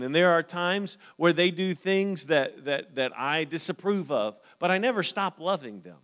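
A man's voice: on the high side, fairly bright tone. Preacher man in a reverberant church. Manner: reads scripture, then talks earnestly with frequent "Amen?". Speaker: pastor. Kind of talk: sermon. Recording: long hall reverb.

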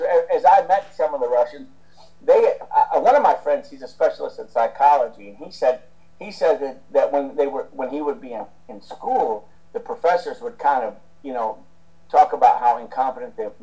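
Mellow-voiced American man rambling. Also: mid-range voice, low-quality recording. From United States. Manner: rambling, many restarts and fillers. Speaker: guest, strength coach. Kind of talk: casual interview talk.

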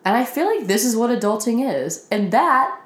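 A woman's voice: a little high, sing-song, moderate pace, reverberant. A woman in her twenties ranting in a casual, self-deprecating vlog, swearing often and laughing at herself, sounding tired, at home in her apartment. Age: 20s. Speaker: vlogger. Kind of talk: casual confessional rant.

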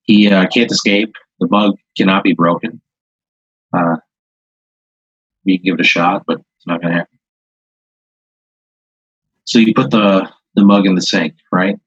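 Casting: low-voiced man spinning a rambling improvised tale, husky tone, dull dry audio. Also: fairly even intonation, dry recording. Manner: rambling, halting, many "like"s. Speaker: improv storyteller. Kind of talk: improvised second-person storytelling.

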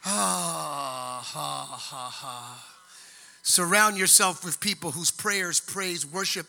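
A man preaching a sermon, dramatic, moving from hushed storytelling to loud, sung-out exhortation. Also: a little high, slow pace, creaky.

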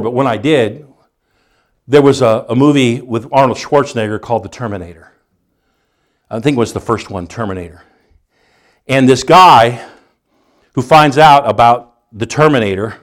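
A middle-aged male pastor preaching a sermon, acting out scenes with rising, near-shouting emphasis. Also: mid-range voice.

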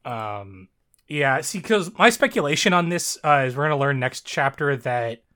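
With lively intonation at a normal speed, a man on a podcast casually recounts a story as co-host. His bright mid-range voice is peppered with fillers and swearing, and he laughs often.

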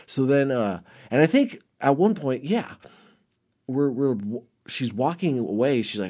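A man casually telling a rambling, heavily profane story about his past, with many restarts, swinging between muttered asides and loud bursts. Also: mid-range voice, expressive, a little slow. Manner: rambling, heavy swearing, frequent restarts.

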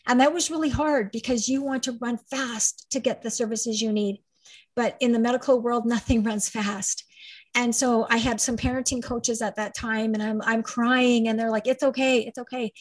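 A woman's voice: fairly high pitch, fairly even intonation, normal speed, dry recording. Emphatic woman telling her story. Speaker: guest, parent advocate and trainer. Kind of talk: conversational interview.

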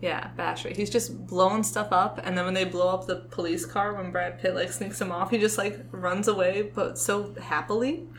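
A woman's voice: mid-range voice, moderate pace, few pauses. Young woman chatting on a podcast, lots of laughs, faint hum. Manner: chatty, animated, laughs often. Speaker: podcast co-host. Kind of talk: casual chat about a movie.

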